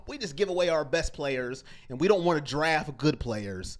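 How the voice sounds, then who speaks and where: A man co-hosting a casual fan chat show, animated and mocking, at times rising to near shouts. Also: a little high, normal speed. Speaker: co-host.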